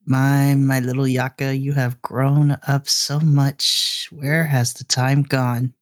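A man voicing an elderly woman, a gentle longtime family servant, who speaks tenderly and with affection in a tabletop role-play. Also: mid-range voice, level tone, slow, close to an everyday voice.

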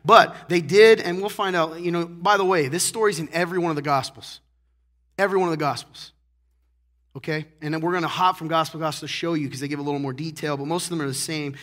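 A man preaching a sermon, joking and animated, acting out little scenes and clearing his throat often. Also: fairly high pitch, fast. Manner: joking, animated, acts out characters. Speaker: pastor.

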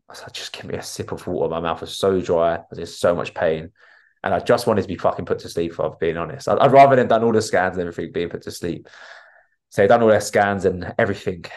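Man, very deep voice, podcast guest, candid, acts out dialogue. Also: a little mellow. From North London. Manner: candid, vivid retelling, acts out quoted dialogue. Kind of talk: casual interview storytelling.

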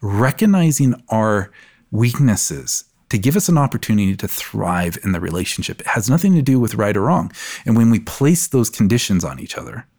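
Earnest low-voiced man talking. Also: very animated, moderate pace, a little mellow. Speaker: guest. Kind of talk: podcast conversation.

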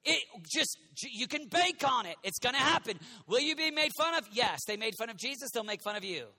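High bright-voiced guy giving a fired-up youth sermon, does little voices, yells sometimes. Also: a little fast. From United States. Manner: animated, jokey, acts out quoted voices, sometimes shouting. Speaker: youth minister.

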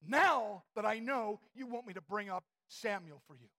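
A man voicing a frightened woman medium who shouts an accusation, in a sermon retelling. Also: high-pitched, normal speed, dry recording, clean studio sound. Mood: accusing.

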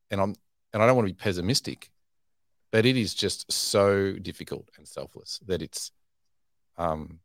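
Man, thirties, very low voice, dry close sound, frank and self-deprecating, podcast guest chatting. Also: no room sound. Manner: frank, self-deprecating, restarts his phrases. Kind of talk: candid conversational storytelling.

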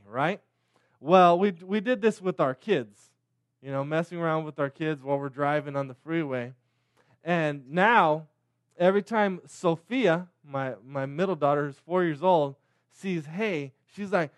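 A man in his thirties preaching a sermon as a pastor, with a halting delivery, frequent restarts, repeated words and tag questions. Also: fairly high pitch, no room sound, clean studio sound.

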